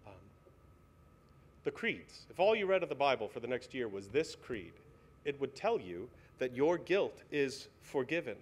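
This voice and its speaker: A man's voice: mid-range voice, big pitch swings, moderate pace, breathy edge. A male pastor preaching a sermon in a church, earnest and pleading, asking the congregation many questions. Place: church sanctuary.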